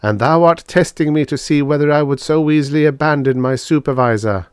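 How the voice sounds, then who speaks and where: A man voicing a reverent male robot who chants in an archaic, drawn-out way. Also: on the high side, smooth, dry recording, studio quality, pitched above the performer's own voice, lightly acted. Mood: solemn.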